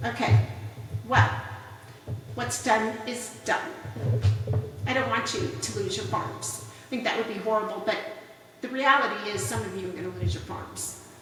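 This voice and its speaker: A woman's voice: a little high, a bit bright. A woman who reads tarot cards, giving ranting commentary and scolding her listeners with rhetorical questions. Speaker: tarot reader. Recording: echoey room, far from mic, noisy.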